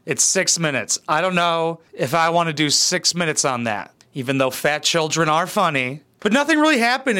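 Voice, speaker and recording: A man's voice: a little high, bright, forceful tone. A man giving crude, sarcastic reaction commentary as a YouTuber, blunt and full of swearing.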